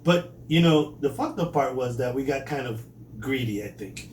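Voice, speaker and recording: A man's voice: mid-range voice, normal speed. A man co-hosting a casual chat, telling stories with lots of laughter and swearing. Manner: animated storyteller, laughs often, swears freely. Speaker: podcast co-host. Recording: echoey room, distant mic, faint noise.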